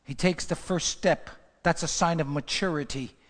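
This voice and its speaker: A man's voice: on the high side, normal speed, fairly bright tone, in a large hall. A man preaching a sermon, emphatic and repetitive, driving points home to his congregation. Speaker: pastor.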